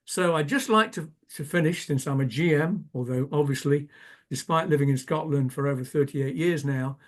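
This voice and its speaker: A man's voice: on the high side, normal speed. A man in his seventies with an English accent, telling funny travel anecdotes as a guest speaker at a club talk. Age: 70s. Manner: humorous anecdotal storytelling.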